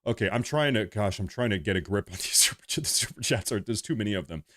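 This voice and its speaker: A man's voice: on the low side, lively intonation, fast talker, fairly bright tone. A man hosting a live stream, reading super chats aloud and ranting in an agitated, repetitive way full of restarts. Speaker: livestream host.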